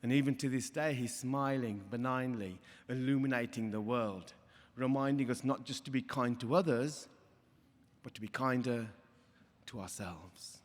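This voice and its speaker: A man from India telling a folk tale live on stage, lively and playful. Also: medium pitch, moderate pace. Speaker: storyteller. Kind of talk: live storytelling performance. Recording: reverberant hall.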